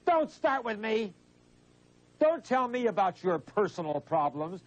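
A man's voice: high-pitched, very animated, measured pace. A man hosting a call-in radio show, scolding and exasperated with prank callers. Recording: dull lo-fi broadcast audio.

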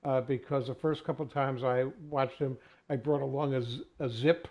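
A man's voice: mid-range voice, fairly even intonation, normal speed, darkish tone. An older grandfather hosting a casual chat, often stumbling and restarting his sentences.

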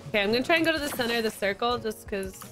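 An upbeat young woman with a somewhat high voice, chatting casually through a team shooter match. She fires off quick repeated callouts and laughs often, with game music playing clearly behind her. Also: lively intonation, a bit bright. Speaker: streamer. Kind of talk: casual gameplay chat with teammates. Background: game music and sound effects.

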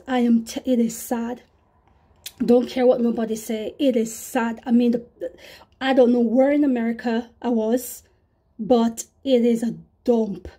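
Female preacher, earnest and repetitive, slightly high, husky voice. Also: warm tone. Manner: earnest, repetitive, addresses "brothers and sisters". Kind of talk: testimony sermon.

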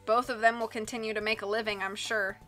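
A woman's voice: a little high, level tone, fast, bright, forceful tone. A woman reading a storybook aloud on a live stream and chatting casually with viewers. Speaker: audiobook reader and live streamer. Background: faint background music.

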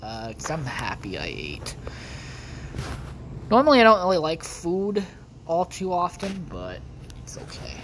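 A woman hosts a gaming video, rambling and swearing as she talks viewers through her own gameplay in casual let's-play style. Her low voice swings hugely in pitch, she's a little slow with long pauses, and background noise is present.

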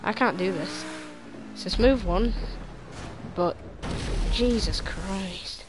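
Chatting with friends over voice chat, a young woman gives live commentary on the online races she's playing, with background noise behind her. Her medium-pitched voice has lively intonation and a slow pace, and she gets frustrated easily, repeating words under pressure.

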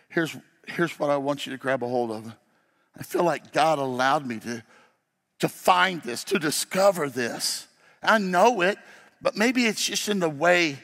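A man preaching at a slow, deliberate pace, his fairly high voice carrying through a large sanctuary with a long reverb tail. He swings between loud, emphatic declarations and quiet, low passages. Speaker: pastor. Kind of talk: sermon.

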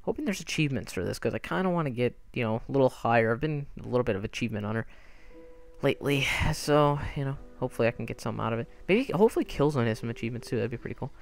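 A man's voice: medium pitch, expressive, racing, creaky. A young man giving let's play commentary on a story game, reacting frantically to the action. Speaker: gamer playing through a story game. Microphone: desk microphone. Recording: game music playing under the voice.

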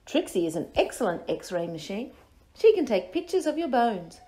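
A woman voicing a kind, cheerful female nurse at a vet's office, speaking in a bright, sing-song, reassuring way. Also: on the high side, big pitch swings, moderate pace.

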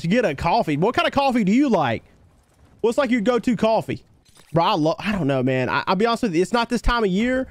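In a casual gaming livestream, a laid-back man chats and thanks viewers by name, calling each one brother. His voice sits high, and the recording is dry.

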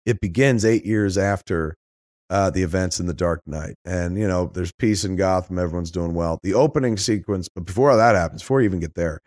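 A middle-aged man with a fairly low voice talks through a film in casual podcast chat. He rambles and swears freely and keeps the talk animated. The sound is dry and close, with no room around it. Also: brisk, dry recording. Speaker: podcast host.

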